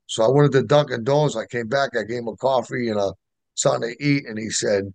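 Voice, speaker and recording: A middle-aged man with a gravelly, creaky voice. He tells his recovery story in casual, slangy talk with lots of fillers. The sound is dry and close, with no room around it. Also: mid-range voice, a little fast, no room sound. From Boston area. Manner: emotional, street slang, many fillers. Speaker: guest sharing recovery story.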